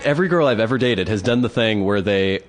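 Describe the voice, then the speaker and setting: A man's voice: on the low side, fast, soft background music. A young man co-hosting a comedy podcast, telling stories in casual chat and mimicking grunts and yelps. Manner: animated storytelling, mimics women's grunts. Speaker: podcast co-host.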